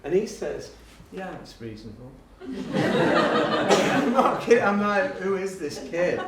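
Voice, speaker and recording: A middle-aged man, a guest education speaker, tells classroom anecdotes to an audience in a high voice at a slow pace. Laughing often, he imitates his pupils' voices, and the very noisy recording sounds distant and roomy with faint ambience.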